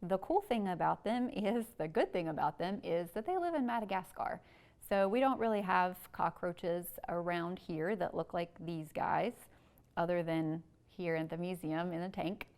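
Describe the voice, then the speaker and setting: A woman's voice: lowish voice, normal speed, a little mellow. A young woman, a museum educator, reading a picture book aloud to children with sing-song animal sounds, then talking about insects. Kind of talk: children's story time reading and talk.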